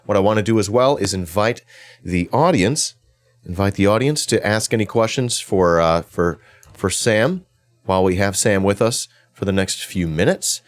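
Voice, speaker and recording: Chatty host with a low voice. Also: male voice, lively intonation, moderate pace. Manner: upbeat, chatty, stumbles and repeats words. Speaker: interview show host. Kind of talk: casual interview chat.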